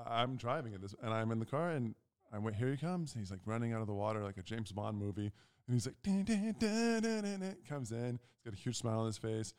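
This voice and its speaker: A young man co-hosting a casual chat, telling a long story and acting out the quotes with big jumps in pitch. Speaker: podcast co-host.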